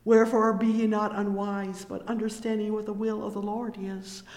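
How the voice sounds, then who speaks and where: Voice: mid-range voice, flat delivery, normal speed, a little mellow. A preacher delivering a sermon, reading scripture and breaking in often with fervent cries of praise between verses. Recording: echoey reverberant hall.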